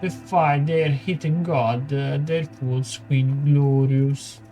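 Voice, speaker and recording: An Italian-accented man voicing a weary, gentle male priest, reading the lines aloud with stumbles. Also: on the high side, fairly even intonation, soft background music. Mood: earnest. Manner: reads the text aloud haltingly, with stumbles.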